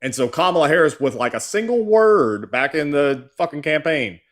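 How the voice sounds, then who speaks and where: A man's voice: a little high, lively intonation, moderate pace, hardly any pauses. A man hosting a casual political chat, ranting and swearing, and sometimes mocking people in put-on voices. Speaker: host.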